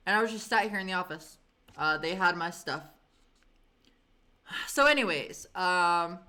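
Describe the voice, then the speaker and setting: A woman's voice: on the low side, pushed and bright. A woman streamer telling a story in a casual, chatty way, swearing often and filling with "like" and "um".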